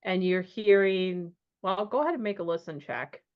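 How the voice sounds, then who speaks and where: A woman's voice: fairly low pitch, animated, moderate pace. A woman narrating a tabletop horror game as game master, loose and chatty, with many ums and likes. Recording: dull lo-fi sound.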